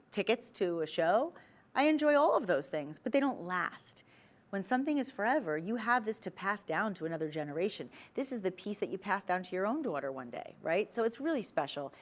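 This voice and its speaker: A woman hosting a TV shopping show, chatty and persuasive as she pitches jewelry. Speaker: shopping channel host.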